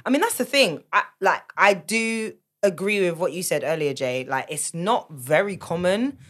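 A woman with a notably low voice hosts a podcast. She chats casually and asks her guests questions in a relaxed, friendly flow. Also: normal speed. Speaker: podcast host. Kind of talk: casual interview chat.

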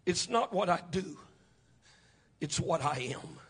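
A man's voice: a little high, expressive, slow pace, a bit bright, husky. A man preaching a Pentecostal sermon, chanting his phrases with "uh" breaths between them.

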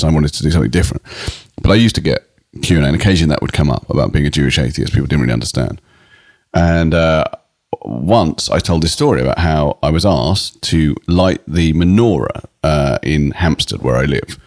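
Here the same kind of guest, a middle-aged comedian from Britain, rambles through stories with constant restarts and self-interruptions during a relaxed interview. His very deep voice is creaky and a little mellow, captured dry and clean in a studio.

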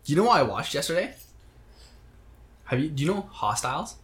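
A man's voice: a little high, big pitch swings, fairly quick, fairly bright tone. A young man co-hosting a podcast, chatting casually, rambling and restarting words as he jokes. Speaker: podcast co-host. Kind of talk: casual chat.

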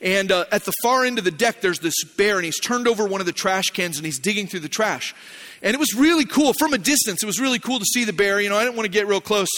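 A middle-aged male pastor from Arizona, preaching a sermon with a personal story, animated and swinging from shouts to hushed lines. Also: sits high, fast talker.

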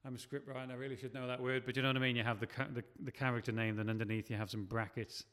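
A man's voice: mid-range voice, level tone, very fast, fairly bright tone, clean tone, big-room sound. A man, a scriptwriter, talking casually and rambling with many restarts. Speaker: scriptwriter and podcast host. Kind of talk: casual chat.

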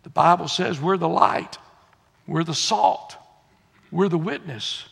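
Preacher, male, high and gravelly, folksy sermon delivery, long church reverb. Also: takes it slowly. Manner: folksy, swings from low confiding asides to loud exhortation. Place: church sanctuary.

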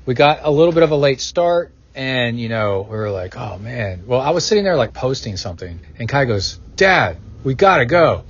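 Middle-aged male podcast host, husky, rambling, casual, muffled lo-fi sound. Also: medium pitch, lively intonation, brisk, few pauses. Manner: rambling, going off on tangents.

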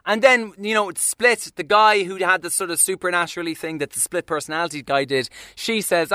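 Young male film reviewer, sarcastic and sweary rambling rant, crisp bright tone, dry close sound. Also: high-pitched, sing-song, normal speed, no echo.

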